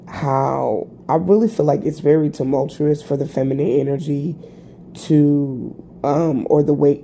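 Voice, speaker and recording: A tired woman vlogging a rambling, halting personal reflection, full of fillers and restarts. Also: deep voice, vocal fry, mellow, a little hiss or hum. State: tired, yawning. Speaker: spiritual vlogger.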